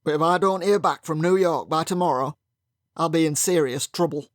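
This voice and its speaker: A man voicing a loud, blunt middle-aged factory owner with a booming Yorkshire accent. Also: moderate pace, no room sound, studio quality, lightly acted. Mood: grumbling. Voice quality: booming, gruff. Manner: blunt and rude.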